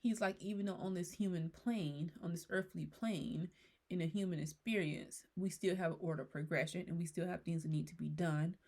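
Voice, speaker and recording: Woman tarot reader, lowish voice, rambling casual channeling talk. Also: steady tone, normal speed, a little mellow. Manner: relays messages in rambling, hesitant speech. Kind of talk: casual spiritual channeling monologue.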